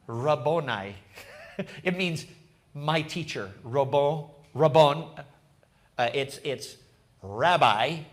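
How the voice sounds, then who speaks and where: In this sermon, a male pastor tells the story with drama, dropping to a hushed voice before breaking into loud outbursts. He laughs frequently and talks straight to his congregation.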